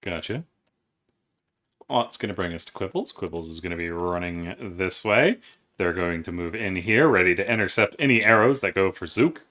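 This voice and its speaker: A man running a tabletop game as game master, briskly working out movement and rules aloud for his players. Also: deep voice, lively intonation, a bit bright.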